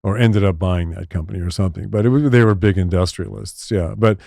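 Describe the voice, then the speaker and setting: An older man from the United States co-hosting a casual chat, telling stories in an animated way and laughing often. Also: fast, gravelly, no echo, studio quality. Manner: animated storyteller, lively pitch swings, laughs often. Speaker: podcast co-host.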